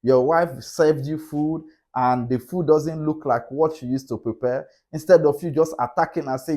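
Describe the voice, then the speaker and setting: A man's voice: a little high, steady tone, normal speed, dark tone. A middle-aged man giving a motivational talk on relationships, repeating key points with a preacher-like cadence. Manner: repetitive, emphatic, preacher-like cadence. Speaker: relationship speaker.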